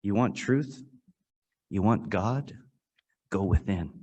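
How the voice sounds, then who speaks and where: A man giving a sermon to a congregation, telling a story earnestly, with dramatic rises and hushed drops. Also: on the low side, lively intonation, slow, breathy edge, lo-fi sound. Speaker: guest speaker at a congregation. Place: worship service hall.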